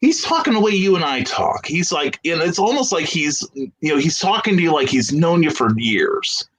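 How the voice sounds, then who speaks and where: A man's voice: a little high, normal speed, breathy edge, rough recording. A middle-aged American man telling a long anecdote as a guest in a casual video-call interview, acting out the people he quotes. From United States. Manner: animated anecdotal storyteller, acts out quoted voices.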